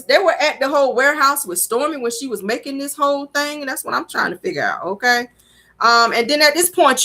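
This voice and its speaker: A woman recaps reality TV with sass and running wisecracks. Her pitch swings widely from line to line, and the talk stays animated throughout. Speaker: show recap host.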